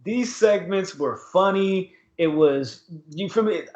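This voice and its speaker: A man co-hosts a podcast, casually recapping wrestling with plenty of slang and laughter in an animated retelling. His voice is high and slow. The recording is echoey and dull, with lo-fi sound.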